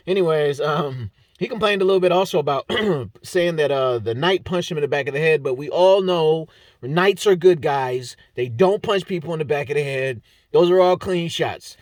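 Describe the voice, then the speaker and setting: A man's voice: on the high side, moderate pace, no echo, studio quality. A man giving a casual, joking breakdown of fight results, rambling and stumbling over fighters' names. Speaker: MMA fight breakdown host. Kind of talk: casual solo commentary.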